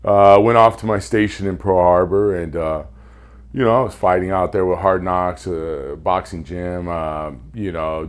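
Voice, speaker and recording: Deep-voiced young veteran, candid interview storyteller who stops and restarts often. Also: male voice, a little mellow. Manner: candid, halting with many fillers. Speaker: navy veteran guest.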